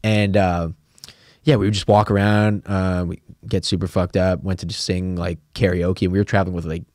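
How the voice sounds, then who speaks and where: Podcast host, male, lowish pitch, loose storyteller, dry close mic. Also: little pitch movement, normal speed, a little mellow, dry recording. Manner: rambling storyteller, heavy filler "like", acts out quotes. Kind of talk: casual chat.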